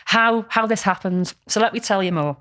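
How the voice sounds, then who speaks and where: A woman's voice: mid-range voice, moderate pace, fairly bright tone, no room sound, clean studio sound. A woman, casually telling a story on a podcast, rambling with lots of ums and restarts. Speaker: podcast co-host.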